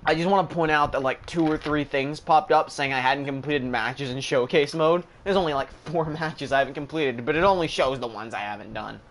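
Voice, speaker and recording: A man's voice: a little high, brisk, few pauses. A man streaming a wrestling video game, commenting with profane, sarcastic remarks. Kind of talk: livestream gameplay commentary.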